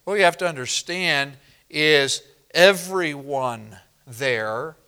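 A man preaching an expository sermon to his congregation, emphatic and direct, reading scripture slowly and deliberately. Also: a little high, sharp tone, clear, resonant tone. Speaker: pastor.

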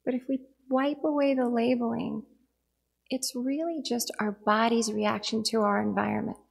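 A woman in her forties gives an earnest dharma talk, weaving a family story into a teaching. Her voice sits a little high, with a gravelly, husky edge. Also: level tone, normal speed.

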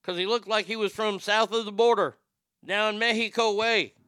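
A man's voice: high voice, fairly even intonation, moderate pace, bright, forceful tone, clean tone, no echo, studio quality. A man hosting a talk show, ranting profanely as he tells fired-up stories. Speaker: radio show host.

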